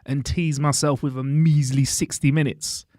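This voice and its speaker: A man co-hosting a casual podcast chat, lively and chatty, dropping British slang like mate and bruv. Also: medium pitch, moderate pace, no echo, studio quality. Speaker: podcast co-host. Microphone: studio podcast mic.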